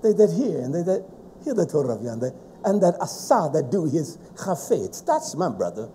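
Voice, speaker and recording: Fiery, animated male preacher. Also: on the high side, moderate pace, a little hiss or hum. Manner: forceful, scolding, emphatic. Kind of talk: fiery sermon.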